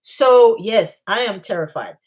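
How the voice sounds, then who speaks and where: A woman casually telling self-mocking, animated stories to a live chat. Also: mid-range voice, a little slow. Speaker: channel host.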